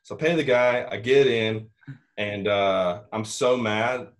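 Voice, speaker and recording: Young male storyteller, lowish voice, rambling casual delivery. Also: slow pace, a little hiss or hum. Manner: rambling, frequent "like" and "you know", swearing. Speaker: hunter telling a story.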